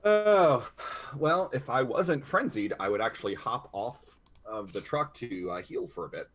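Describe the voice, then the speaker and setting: A man talks casually at a tabletop game table, describing what his character does in a relaxed, easygoing way. His voice sits at an ordinary middle pitch. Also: measured pace. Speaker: player.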